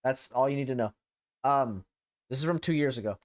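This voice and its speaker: A man's voice: mid-range voice, a little fast. A man streaming live as a VTuber, chatting casually, rambling and swearing freely.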